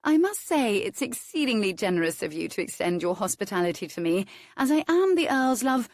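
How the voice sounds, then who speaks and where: A woman's voice: mid-range voice, big pitch swings, brisk, darkish tone, no echo, clean studio sound, voice pushed up. A woman voicing a cheeky young Regency lady. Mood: barbed.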